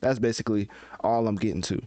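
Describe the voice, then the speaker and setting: A man's voice: lowish voice, fast, warm tone, dry recording. A man hosting a casual live-stream podcast, chatting and thinking aloud as he looks things up. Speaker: podcast host.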